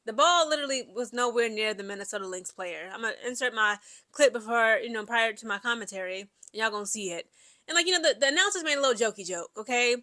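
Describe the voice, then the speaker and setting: A woman's voice: a little high, fast talker, no room sound. A young woman, giving casual, chatty sports commentary full of fillers and reading an article aloud. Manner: chatty, animated, many "like" and "you know" fillers.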